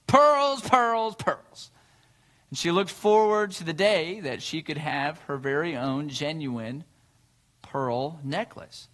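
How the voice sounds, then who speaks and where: A man's voice: fairly high pitch, a bit bright. A male pastor preaching a sermon, telling a story with earnest rhetorical questions.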